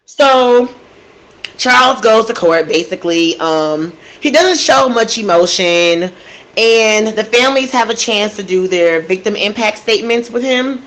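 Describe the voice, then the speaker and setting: A woman's voice: on the high side, unhurried, a bit bright, poor audio. Emotional, outraged true-crime storyteller woman. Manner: emotional and outraged, addresses listeners as y'all. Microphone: desk microphone.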